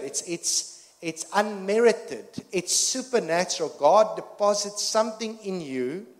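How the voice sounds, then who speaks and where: Earnest male preacher in echoing hall. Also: a little high. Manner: earnest, frequent restarts and fillers, rising emphasis. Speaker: pastor. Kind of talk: sermon. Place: church hall. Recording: long reverb of a church hall.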